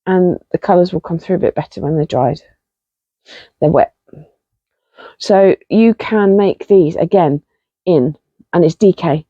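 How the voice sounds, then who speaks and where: A woman's voice: fairly low pitch, a little slow, pauses often, husky, no echo, muffled recording. A woman hosting a casual knitting podcast, chatty and self-deprecating, rambling with fillers. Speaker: podcast host.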